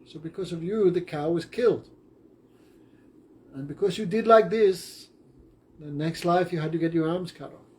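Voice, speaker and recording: A man voicing a male god who calmly explains the cause of past deeds in a measured way. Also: on the high side, close to an everyday voice. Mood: explaining.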